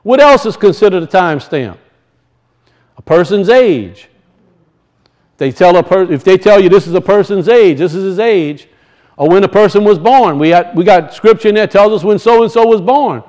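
A man's voice: high voice, animated, moderate pace, a little mellow. A man teaching from scripture to a congregation, asking questions, answering them himself and repeating key points. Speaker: bible teacher. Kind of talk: teaching sermon.

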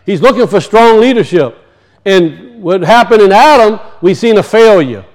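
A man preaching a sermon, emphatic, slowing down to teach word meanings and dropping low and quiet for weight. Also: animated. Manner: emphatic, slows to teach words, drops low and soft for weight.

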